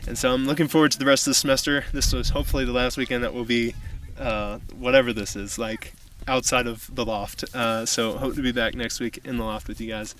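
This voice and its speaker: A man's voice: mid-range voice, flat delivery, a little fast, hardly any pauses, a bit bright. A man giving a casual, conversational sermon outdoors on a mountain, recorded from a distance. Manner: casual, conversational preaching with fillers. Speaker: youth pastor.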